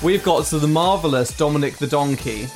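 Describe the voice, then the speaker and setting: A woman's voice: deep voice, brisk, over loud music. A young woman hosting a student radio show, bubbly and jokey, laughing often. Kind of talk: casual radio chat.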